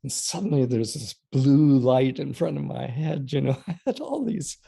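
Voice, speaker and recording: An older man with a deeply gravelly, husky voice recalls his past as an interview guest. His tone is dark and mellow, and he keeps breaking into laughter while he tells his stories. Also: expressive, moderate pace. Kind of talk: storytelling conversation.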